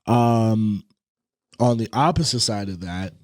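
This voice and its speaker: Young adult male co-host, lowish and reflective, hesitant delivery, dry close mic. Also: slow pace, a little mellow, no room sound. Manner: reflective, hesitant, restarts sentences. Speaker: podcast co-host. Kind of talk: casual chat.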